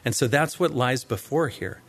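A man's voice: mid-range voice, moderate pace, a bit bright. A man preaching a verse-by-verse sermon as a pastor, conversational and explanatory, often tossing in tag questions to his listeners. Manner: explanatory, teaching pace. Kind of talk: expository sermon.

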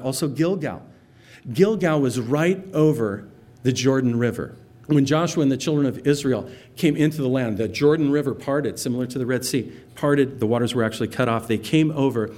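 A pastor teaching verse by verse through a Bible passage in a relaxed, conversational way, explaining word meanings and quoting scripture with feeling. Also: male voice, mid-range voice.

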